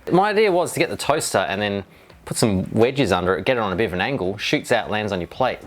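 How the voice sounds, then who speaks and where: A man's voice: fairly low pitch, expressive, quick pace. A middle-aged man making a casual DIY video, rambling and joking as he reads viewer comments. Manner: rambling and jokey, with wry asides.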